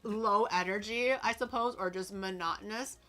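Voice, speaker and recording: Bright relaxed woman streamer chatting. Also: mid-range voice, normal speed. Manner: relaxed, chatty, laughs easily. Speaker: streamer and show host. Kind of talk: casual chat between streamers.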